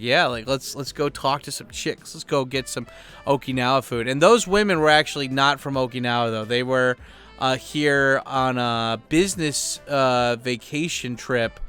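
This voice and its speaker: Rambling, foul-mouthed man with a smooth voice. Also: medium pitch, pushed and bright. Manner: rambling, profane, heavy on fillers. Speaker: YouTuber. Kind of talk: casual talking-head chat. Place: at home.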